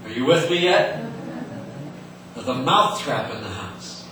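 A man's voice: mid-range voice, sing-song, measured pace, background noise. A man preaching a sermon in an earnest way, often repeating words and restarting, heard in an echoey hall from some distance.

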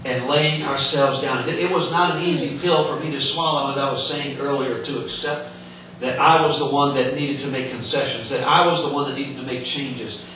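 A man's voice: mid-range voice, steady tone, moderate pace, pushed and bright, slight background noise. A man preaching a sermon in an earnest way, often repeating words and restarting, heard in an echoey hall from some distance.

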